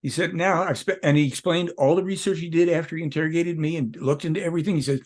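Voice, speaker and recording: Emphatic, husky-voiced man being interviewed. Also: a little high, fairly even intonation, quick pace, few pauses, a little mellow. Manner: emphatic, rambling, with self-corrections. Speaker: interview guest. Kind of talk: conversational interview.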